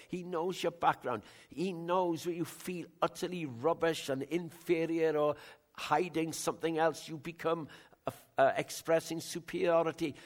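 Older man preaching, bantering. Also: a little high. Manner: conversational preaching, bantering with the congregation, big swings in loudness. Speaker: pastor. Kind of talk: sermon.

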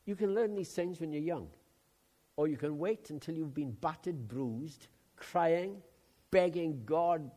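An older man from Wales preaching a sermon, swinging between loud emphatic outbursts and quiet asides. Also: a little high, measured pace. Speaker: pastor.

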